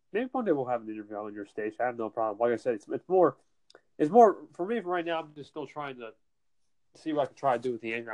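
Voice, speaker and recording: A man's voice: medium pitch, dry recording. A man from New Jersey chatting casually as an internet radio host, rambling with lots of restarts and fillers. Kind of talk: casual chat. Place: home, winter in New Jersey.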